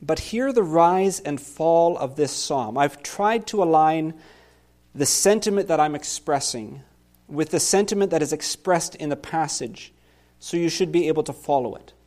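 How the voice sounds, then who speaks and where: A man's voice: on the high side, lively intonation, normal speed, a little mellow. A man preaching a sermon as pastor, earnest and a little self-deprecating.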